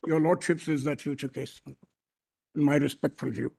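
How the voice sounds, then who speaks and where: A man with an Indian English accent argues formally before a court bench in a fairly high, gravelly, husky, warm voice, with fairly even intonation at a measured pace. Deferential yet emphatic, he calls the judges "my lord" and often restarts his phrases.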